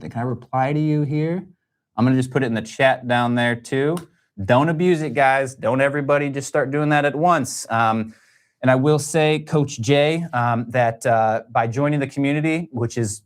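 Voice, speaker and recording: A man hosts a casual livestream, answering viewer questions about his podcast studio. His voice sits at an ordinary middle pitch, and he talks in a loose, rambling way full of ums and asides. It sounds like a close studio microphone. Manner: chatty, rambling, many fillers.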